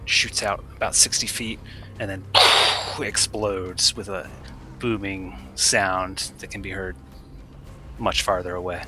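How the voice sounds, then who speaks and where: A man with a very deep but sharp, bright voice plays in a tabletop game. He states his moves plainly and briskly. Faint noise sits in the background. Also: level tone. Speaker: player. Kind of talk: casual tabletop play.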